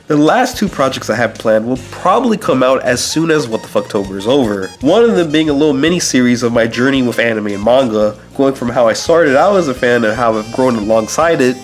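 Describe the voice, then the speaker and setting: A man hosting his own channel, reading a scripted update in a steady, earnest way while sounding sick. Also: mid-range voice. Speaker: channel host. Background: faint background music.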